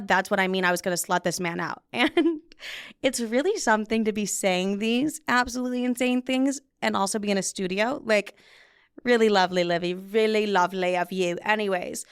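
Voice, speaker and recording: A woman's voice: medium pitch, a little fast, fairly bright tone, smooth. A young woman in her twenties hosting a podcast from a studio, telling a story in a candid, profane, self-mocking way. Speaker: podcast host. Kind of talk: casual storytelling chat. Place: recording studio.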